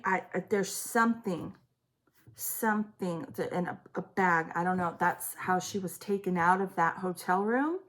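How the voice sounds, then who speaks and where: A woman talks straight to camera through an intense psychic reading. Her voice sits a little low, and she halts, restarts and trails off often. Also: a bit bright. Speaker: psychic reader. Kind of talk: intuitive reading on video.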